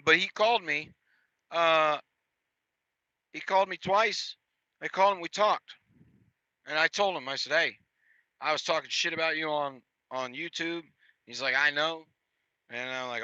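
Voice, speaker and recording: Trucker, thirties, male, swears freely, repeats himself; slightly higher pitch, muffled lo-fi sound. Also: pushed and bright, dry recording. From United States. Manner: blunt, profane, repeats himself. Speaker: truck driver vlogger. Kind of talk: casual storytelling rant.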